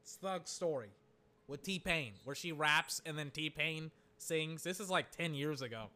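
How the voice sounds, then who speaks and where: A man chatting casually and excitably, rambling, swearing and exclaiming, his voice cracking. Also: a little high, measured pace. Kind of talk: casual chat.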